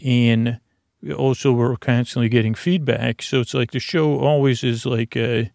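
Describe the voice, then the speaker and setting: A man hosting a sleep podcast with a creaky voice, talking in a slow, meandering way with many fillers. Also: medium pitch, no echo, studio quality. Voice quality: creaky, gravelly voice. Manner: rambling and soft-spoken, with many fillers and restarts. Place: home studio in an apartment. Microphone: prosumer podcast microphone.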